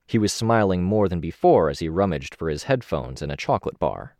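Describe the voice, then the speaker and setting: Man narrating audiobook, deep voice, lively pitch, dry close sound. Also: brisk, no room sound. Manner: steady expressive reading.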